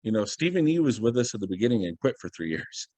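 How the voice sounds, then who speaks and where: A man's voice: lowish voice, fast, no echo. A man speaking as a guest on a video call, telling a story with energy and acting out what people said. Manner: animated storyteller, acts out quoted dialogue.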